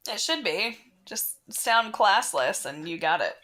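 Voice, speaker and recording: A woman's voice: mid-range voice, lively intonation, unhurried, sharp tone. A woman co-hosting a podcast, trading teasing quips and laughing often. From United States. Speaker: podcast co-host. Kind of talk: casual comedic chat.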